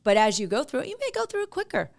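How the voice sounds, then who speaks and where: A woman's voice: sits high, very animated, racing, vocal fry. A woman hosting a podcast, talking casually and candidly to her listeners, laughing often and swearing freely. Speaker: podcast host.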